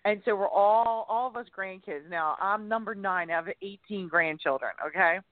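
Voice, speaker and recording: A woman co-hosting a casual radio chat, telling animated stories full of exclamations and laughter. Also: medium pitch, moderate pace, no room sound. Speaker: co-host. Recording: tinny phone-like line, dry.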